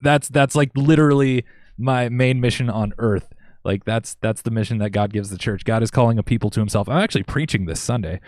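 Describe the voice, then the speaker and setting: A man's voice: mid-range voice, fairly quick, darkish tone, dry recording, studio quality. A man in his thirties, a church music director, talking casually on a podcast and explaining his ideas simply, with lots of fillers. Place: Minnesota.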